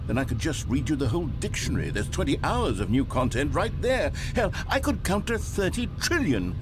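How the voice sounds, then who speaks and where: An actor playing a sardonic male game narrator with a British accent, speaking in a dry, theatrical, mock-indignant manner. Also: on the high side. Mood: wry.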